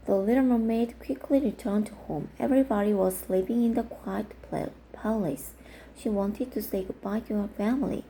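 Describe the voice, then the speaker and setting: A native Korean woman reads a fairy tale aloud in a careful, steady way. Her voice is very dark and mellow, with a gravelly edge. The pitch sits in the middle. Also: slight background noise, low-quality recording. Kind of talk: storybook read-aloud.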